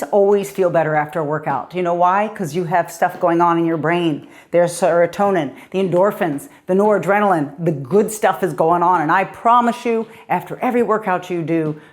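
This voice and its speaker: A woman's voice: lowish voice, darkish tone. A middle-aged woman fitness coach leading a guided workout, upbeat and encouraging, a little out of breath as she exercises along.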